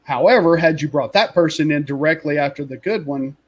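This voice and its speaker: A man's voice: on the high side, brisk, husky, rough recording. A man co-hosting a casual fan chat, rambling and opinionated, with lots of fillers and asides. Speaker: podcast co-host.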